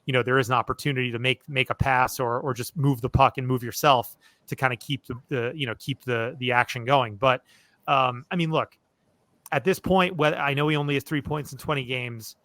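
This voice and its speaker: A man hosting a sports podcast, talking things through in an easygoing, unscripted way. His voice is bright and forceful. The sound is dry and close, with no room in it. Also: mid-range voice, fairly even intonation, a little fast, dry recording. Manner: loose and conversational, leaning on fillers like "look" and "you know". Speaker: podcast host. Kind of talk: casual sports podcast chat.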